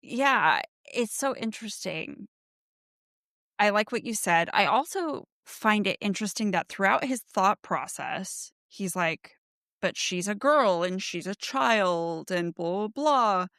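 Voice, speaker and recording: A woman co-hosting a book podcast in casual chat, agreeable and wry and quick to laugh. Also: medium pitch, expressive, a bit bright, no echo, studio quality. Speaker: podcast co-host.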